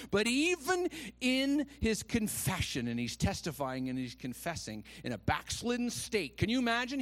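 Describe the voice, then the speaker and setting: A man preaching a sermon, telling a personal story and reading scripture, with quiet asides that swing to loud, rising exclamations, and he acts out the quoted voices. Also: medium pitch. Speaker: pastor.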